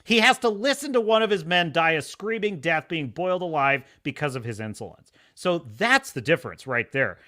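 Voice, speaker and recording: Lively male host, higher pitched and bright, animated and opinionated, laughs often. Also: normal speed, few pauses. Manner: animated, laughing, acts out scenes in voices. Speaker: podcast host. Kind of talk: opinionated casual commentary.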